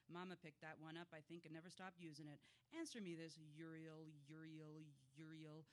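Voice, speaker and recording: A man's voice: high voice, a bit bright. A man performing a dying male gangster who rambles and pleads feverishly at an angel, in a dramatic poetry reading.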